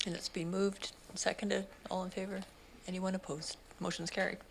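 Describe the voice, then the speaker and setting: A woman with a Canadian accent chairing a public committee meeting, making brisk, routine procedural calls. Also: medium pitch, level tone, gravelly, a little hiss or hum, rough recording. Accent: Canadian English. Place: council chamber.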